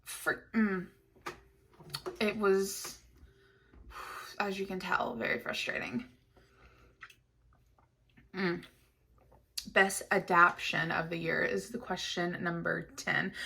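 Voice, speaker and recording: A woman's voice: on the low side, lively intonation, takes it slowly, vocal fry, long pauses, sharp tone, husky. Chatty, gushing woman book vlogger. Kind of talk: casual chat to camera.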